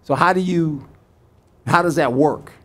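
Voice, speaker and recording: A man's voice: on the high side, measured pace. An older man in his sixties, a head football coach answering press conference questions in a folksy, repetitive way, acting out his sideline exchanges.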